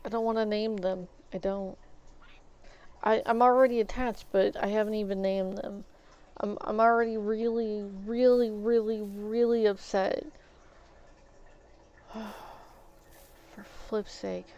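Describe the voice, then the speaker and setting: A woman's voice: mid-range voice, steady tone, normal speed, warm tone, clean tone, muffled recording. A woman streamer giving casual gameplay commentary, venting in exasperation and restarting her words as she talks. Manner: exasperated venting, stammering restarts, mild swearing.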